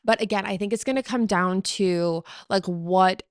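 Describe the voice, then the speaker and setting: A young adult woman hosting her podcast in a casual, chatty way, full of fillers and quick backtracking. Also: mid-range voice, clear, resonant tone, no room sound, clean studio sound. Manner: chatty and animated, filler-heavy, often backtracks. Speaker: podcast host. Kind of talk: casual chat.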